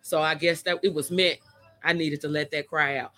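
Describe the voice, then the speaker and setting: A woman's voice: deep voice, fairly even intonation, normal speed, bright, forceful tone. A woman hosting a casual live stream, chatty and emotional, talking straight to her viewers from outdoors. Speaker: live show host. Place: outdoors by a motion-sensor light in the wind.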